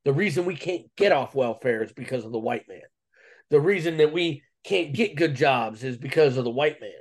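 A man's voice: mid-range voice, expressive, normal speed. A man, a guest on a podcast interview, telling a personal story in a casual, earnest and slangy way with frequent restarts.

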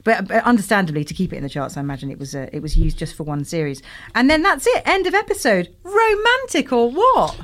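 A woman hosting a podcast in casual chat, chatty and laughing often. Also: fast. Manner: giggly, chatty, lively pitch. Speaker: podcast host.

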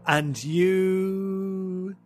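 A man's voice: sits high, fairly even intonation, very slow, faint music behind. A man narrating a tabletop role-playing game as game master, playful and laughing often.

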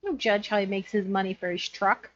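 A woman's voice: medium pitch, quick pace. A woman co-hosting a podcast, teasing playfully and laughing often in casual chat. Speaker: podcast co-host. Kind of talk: casual chat about a bad movie. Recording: slightly dull, lo-fi sound.

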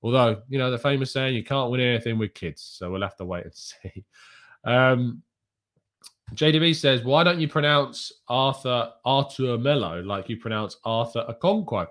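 A man's voice: mid-range voice, normal speed, fairly bright tone. A man hosting a live fan stream from a small home room, reading chat questions aloud and answering in a candid, chatty way with frequent ums and asides.

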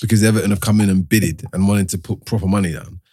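Husky fast-talking man. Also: on the low side, fairly even intonation, dark tone. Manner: emphatic, slangy, laughs easily. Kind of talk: casual football chat.

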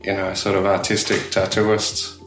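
A man's voice: sits low, completely flat delivery, moderate pace, reverberant, music in the background. An Australian man chatting casually as an interview guest, rambling with lots of fillers and laughs. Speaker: tattoo studio owner, guest.

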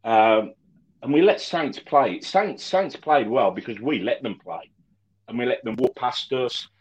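A man co-hosting a casual fan chat about football, animated and stumbling over his words with many restarts. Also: medium pitch, a little slow, rough recording. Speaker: football podcast co-host.

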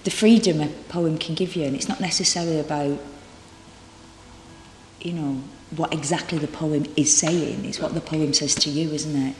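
A woman actor talking candidly as an interview guest, chatty and halting, with lots of restarts and acted-out dialogue. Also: deep voice, steady tone, a little hiss or hum. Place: library reading room. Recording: roomy echo with long reverb.

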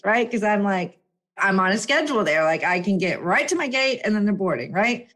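A young woman telling a personal story in a casual, animated way, full of fillers and acted-out quotes. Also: medium pitch, a little fast. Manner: animated, chatty, lots of fillers and voiced quotes.

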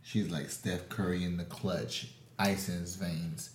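A man's voice: deep voice, flat delivery, measured pace, echoey room, slight background noise. A man making short joking remarks during a casual podcast chat.

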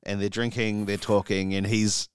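A man's voice: fairly low pitch, little pitch movement, normal speed, smooth, no echo, clean studio sound. A man co-hosting a comedy podcast, improvising a silly story with many ums and laughing at his own jokes.

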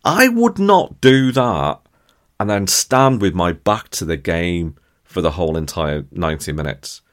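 A low-pitched man chats through his podcast monologue. He jokes along and keeps turning to his listeners with quick tag questions. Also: lively intonation. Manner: chatty, jokey, addresses listeners directly with tag questions. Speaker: podcast host.

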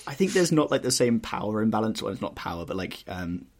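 A man's voice: fairly low pitch, big pitch swings, quick pace. A man chatting casually with friends on a podcast, wry and self-deprecating. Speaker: podcast co-host. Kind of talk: casual chat.

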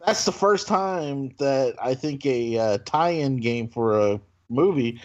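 A man's voice: medium pitch, expressive, slow pace. A man co-hosting a casual podcast, chatting in a jokey, playful way. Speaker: podcast co-host. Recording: slightly dull lo-fi sound.

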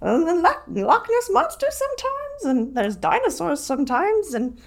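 A woman voicing a chirpy working-class storyteller in a put-on British accent, with sing-song, drawn-out phrases. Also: very high voice, very animated, gravelly, voice pushed up, heavily acted.

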